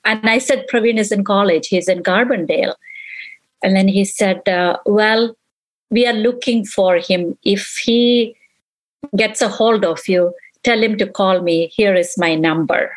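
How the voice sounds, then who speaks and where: A middle-aged woman, a mother, giving an earnest, halting personal account in an interview, acting out what others said. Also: medium pitch, poor audio. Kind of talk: emotional personal recollection.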